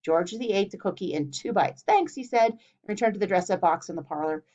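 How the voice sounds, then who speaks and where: Woman, storybook reader, steady narration, lower voice, muffled recording. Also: quick pace. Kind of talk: storybook reading. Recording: dull lo-fi recording.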